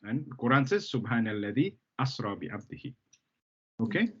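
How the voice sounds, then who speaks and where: In a live Arabic lesson, a man patiently explains to students, repeating key terms and often checking they're following along. His mid-range voice is sing-song, husky and fairly bright, at normal speed, captured in dull lo-fi sound.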